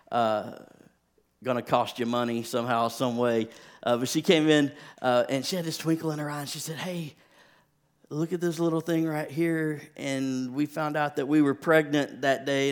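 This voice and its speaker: A man's voice: mid-range voice, clean tone. Man preaching a personal story. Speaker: pastor. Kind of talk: sermon.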